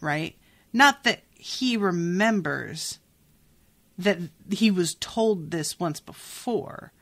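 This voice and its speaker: A woman hosting a podcast, chatting casually and reacting to a book in an animated, exasperated way, swearing freely. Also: medium pitch, takes it slowly. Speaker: podcast host.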